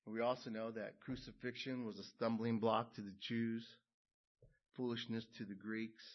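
A man preaching a sermon, building to loud emphatic peaks and then dropping low and quiet. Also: level tone, moderate pace. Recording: dull lo-fi sound.

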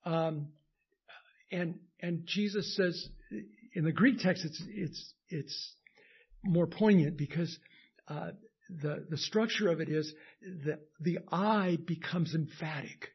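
A male pastor with a slightly high, husky voice delivers a sermon in halting stretches full of fillers and restarts. He builds to emphatic, insistent peaks. The recording sounds dull and lo-fi.

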